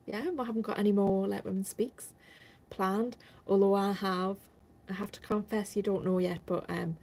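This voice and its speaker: A woman's voice: mid-range voice, creaky, dark tone, slight background noise, poor audio. A woman hosting a casual live stream, chatting in a rambling way and answering viewer comments as they come in.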